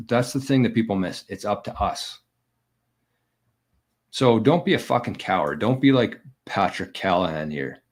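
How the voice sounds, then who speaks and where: Canadian guy ranting on his daily vlog, low voice, swears a lot, gets fired up. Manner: blunt, profane and combative. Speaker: bitcoin vlogger.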